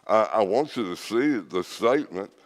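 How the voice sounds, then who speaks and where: A man's voice: lowish voice, lively intonation, normal speed. A man preaching an earnest sermon to a church audience, stressing his points and reading scripture aloud. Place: church hall. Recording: reverberant church hall.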